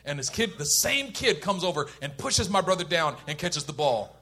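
Animated preacher with a husky, bright voice. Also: male voice, a little high, moderate pace. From Oakland, California. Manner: animated, shifts between loud emphasis and quiet intensity; laughs while telling a personal story. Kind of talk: sermon with storytelling.

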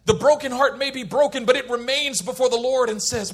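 A man preaching a sermon, shifting between loud emphasis and quiet intensity, and laughing as he tells a personal story. He grew up in Oakland, California. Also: extremely high pitch, brisk.

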